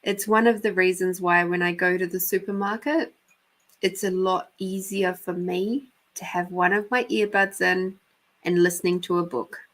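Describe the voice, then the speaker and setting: On her live show, an Australian woman does intuitive readings and tells stories in a chatty manner, laughing frequently and letting slip the occasional casual swear. Her voice is on the low side, a bit bright, steady in tone and moderately paced.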